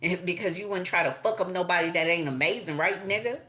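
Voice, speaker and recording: A woman's voice: lowish voice, fast, bright, forceful tone. Profane, blunt woman reading tarot. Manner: profane, blunt, laughing asides. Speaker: tarot reader. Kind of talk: casual tarot reading monologue.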